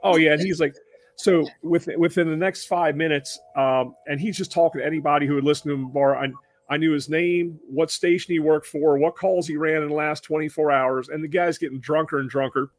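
A man with a slightly raised voice tells a story in a loose, conversational way, restarting phrases as he goes. He lifts into animated impressions of the people he describes. The sound is dry and close, with no room around it. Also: fairly high pitch, brisk, no room sound. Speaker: podcast host. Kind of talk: casual storytelling.

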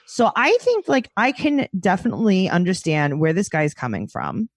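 A woman with a New York accent, an animated comedian telling stories in a casual podcast chat. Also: lowish voice, moderate pace, hardly any pauses, dry recording, clean studio sound. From New York City. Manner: animated storyteller, chatty.

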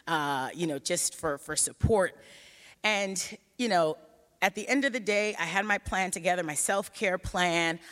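A woman telling a personal story on stage in an animated way, acting out the voices she quotes. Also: low voice. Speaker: researcher giving a talk. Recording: hall reverb.

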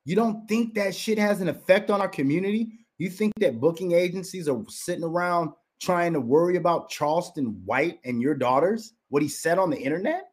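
A fired-up man hosts his podcast and rants at a rival, firing off one rhetorical question after another. His voice sits a little high for a man. He keeps hammering the same name over and over for emphasis. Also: a little fast, few pauses. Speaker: podcast host. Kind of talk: heated commentary rant.

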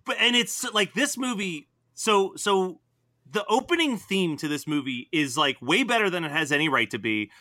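A man hosting a casual podcast, retelling film scenes in an animated way and laughing often. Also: high voice, normal speed, no echo. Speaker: podcast host. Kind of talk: casual movie discussion.

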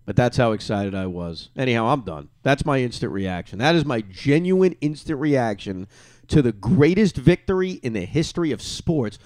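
Middle-aged guy ranting on his podcast late at night, super hyped, voice jumping all over, kinda high, dry close sound. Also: lively intonation, normal speed, no room sound. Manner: euphoric, ranting, swings from yelling to hushed. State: short on sleep, late at night. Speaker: podcast host. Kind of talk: excited solo sports reaction.

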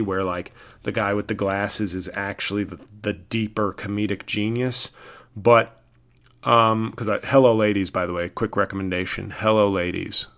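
A man's voice: lowish voice, a bit bright. A man, a comedian, talking alone in a rambling, exasperated way, restarting sentences often. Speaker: podcast host and comedian. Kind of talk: casual solo monologue.

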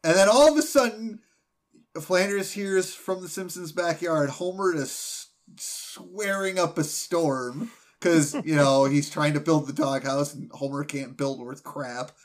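A man with a somewhat high voice co-hosts a relaxed podcast chat. He rambles through episode recaps and keeps breaking into laughter as he goes. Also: unhurried. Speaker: podcast co-host. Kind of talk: casual chat.

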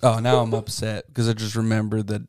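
A man's voice: lowish voice, level tone, fairly quick, darkish tone, smooth. A man co-hosting a podcast, chatting casually and rambling, with many fillers and some swearing. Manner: rambling, laid-back, many fillers and profanity. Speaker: podcast co-host. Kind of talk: casual chat.

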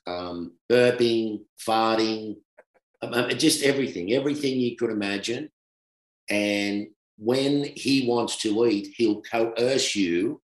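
A middle-aged former professional cricketer with an Australian accent, here as a guest, trades stories in a relaxed, animated chat and laughs often. His lowish voice swings from loud to hushed, and the room gives it an echo.

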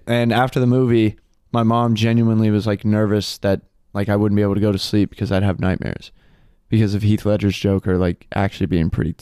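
A man in his twenties co-hosting a podcast, chatting casually, joking and excitable, swearing freely. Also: on the low side, clean tone, no room sound, studio quality. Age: 20s. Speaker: podcast co-host. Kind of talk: casual chat.

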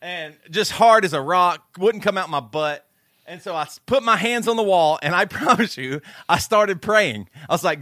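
A man co-hosting a podcast, telling stories and ranting in an animated, laughing way. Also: high voice, normal speed, dry recording, studio quality. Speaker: podcast co-host. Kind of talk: casual chat. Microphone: studio microphone.

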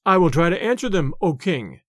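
A man's voice: a little high, sing-song, fairly quick, fairly bright tone, no echo, studio quality. A man voicing a worried, pleading abbot in a storybook reading. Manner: earnest, pleading.

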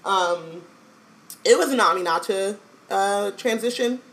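A woman's voice: medium pitch, measured pace, slight background noise, poor audio. A woman co-hosting a podcast, joking in playful casual banter. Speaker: podcast co-host. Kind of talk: casual chat.

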